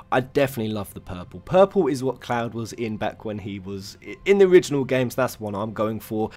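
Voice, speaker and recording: Young guy vlogging his figure shelves, pitch jumping all over, stumbles when hyped, faint music. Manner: swears freely, stumbles over words when excited. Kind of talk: excited casual vlog. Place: home room with shelves.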